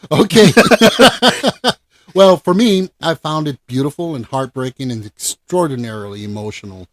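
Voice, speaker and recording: A man's voice: fairly high pitch, expressive, moderate pace, a bit bright. A man hosting a casual film review podcast, talking enthusiastically and emphatically. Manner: enthusiastic, emphatic, laughs easily. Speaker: podcast host.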